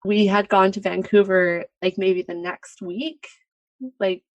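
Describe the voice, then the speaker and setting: Woman guest on a podcast, open and chatty, laughs a lot, middle pitch, dry close sound. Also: level tone, slow, no echo, dull audio. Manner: candid, laughs often, quotes people in a lifted voice. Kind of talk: casual podcast conversation.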